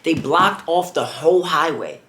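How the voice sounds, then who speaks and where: A man's voice: a little high, measured pace, sharp tone. A young man telling a personal story in a casual vlog, rambling and leaning heavily on "like" and "bro". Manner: rambling, heavy on filler "like" and "bro". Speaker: vlogger.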